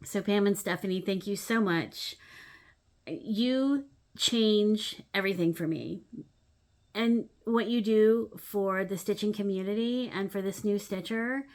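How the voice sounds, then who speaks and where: Middle-aged woman, hobby vlog host, casual and animated, soft asides, lots of "um"s. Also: medium pitch. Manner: animated storyteller, swings between loud acted-out moments and soft asides; chatty with frequent "um" fillers. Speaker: needlework channel host.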